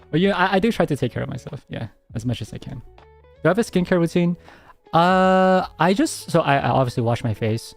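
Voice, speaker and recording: A man streamer answering viewer questions in a soft, hesitant casual chat, speaking very close to his mic at home. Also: on the high side, lively intonation, moderate pace, vocal fry, faint music behind. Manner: soft-spoken, hesitant, many restarts.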